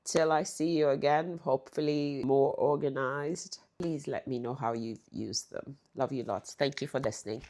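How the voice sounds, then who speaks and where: Low-voiced woman telling stories casually. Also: unhurried, few pauses, mellow. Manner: chatty, laughs often. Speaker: channel host. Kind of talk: casual storytelling.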